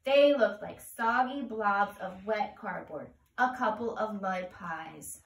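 Slow, gentle woman reading a picture book. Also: mid-range voice. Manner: gentle, sing-song read-aloud. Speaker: children's storyteller. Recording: roomy, heard from a distance.

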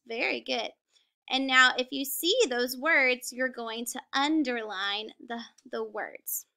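A high-voiced woman leads a recorded kindergarten reading lesson. Her tone is bright and encouraging, and she slows down and stretches words out so small children can follow along. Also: gravelly. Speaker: kindergarten teacher.

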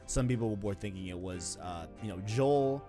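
A man co-hosting a gaming podcast in casual chat, slangy and excitable, often saying "you know what I'm saying". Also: fairly low pitch, moderate pace, music in the background. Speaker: podcast co-host.

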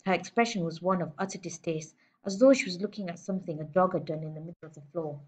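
A woman teacher reading a storybook aloud to children in a lively, expressive way. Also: on the low side, quick pace, husky. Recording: dull lo-fi recording.

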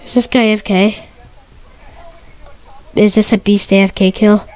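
A woman giving excitable, stuttery gameplay commentary, repeating her exclamations and swapping curses for mild words. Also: medium pitch, a little slow. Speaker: gamer.

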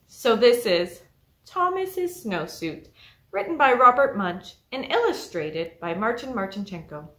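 A woman librarian leading a children's story time alone in an empty library, telling the story in an animated way. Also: mid-range voice, unhurried. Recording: echoey library room.

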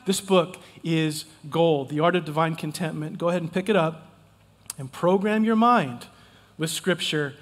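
A pastor preaching in a fairly high voice, emphatic and folksy, driving home points by repeating them. His voice carries a long reverb from the church sanctuary. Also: moderate pace. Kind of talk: sermon.

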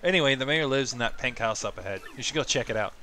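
A friendly, chatty turtle villager, as a man puts him on, in a slightly raised, welcoming game voice. He talks in a relaxed, helpful way. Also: medium pitch, fast, a little hiss or hum.

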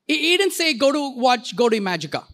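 Delivering a sermon in church, a pastor speaks in a high, very animated, fairly bright voice that swings freely up and down. He keeps it playful with quick jokes and asides, often having the congregation repeat words back.

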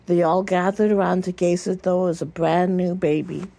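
A woman reading a children's picture book aloud in a gentle storytelling voice, with small slips and restarts. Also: lowish voice, steady tone, normal speed, creaky. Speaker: storybook reader.

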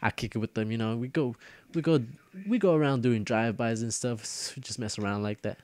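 A man's voice: medium pitch, brisk, a little mellow, no room sound. Joking young man commenting on gameplay. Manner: joking, grumbling and trash-talking at other players. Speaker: gaming video host.

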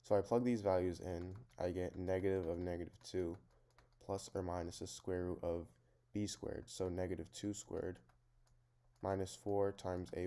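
A man with a low voice explains a math problem one step at a time. His tone is mellow and unhurried, and his delivery is plain and methodical, like a tutor talking through a worked example at his desk. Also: gravelly.

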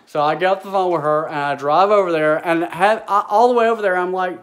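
A man telling a story in a casual, exasperated, animated way, acting out bits of dialogue. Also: sits high, brisk, hardly any pauses. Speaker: vlogger.

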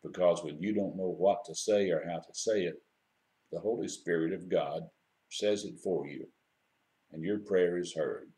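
A man with a deep, low voice delivers a brief devotional message. His tone is mellow and warm, and he tells his story in a gentle, unhurried, reflective way. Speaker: devotional speaker.

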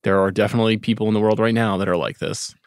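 A middle-aged man with a gravelly voice, co-hosting a podcast and talking earnestly about films. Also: lowish voice, fairly even intonation, racing, no room sound, clean studio sound. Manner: earnest, agreeable, lists films. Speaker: podcast co-host. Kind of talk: casual movie chat.

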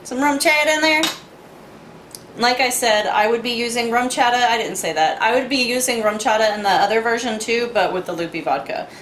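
A woman's voice: fairly high pitch, a little fast, hardly any pauses, reverberant, background noise. A woman making cocktails in her home kitchen, chatty and playful with little asides. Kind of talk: casual kitchen demo chat.

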